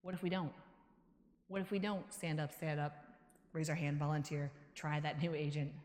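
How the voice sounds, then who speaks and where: A woman giving a motivational keynote talk, an animated storyteller who acts out quotes with a lively voice and laughs between stories. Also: low-pitched, moderate pace. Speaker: keynote speaker. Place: large conference hall. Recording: echoey hall reverb.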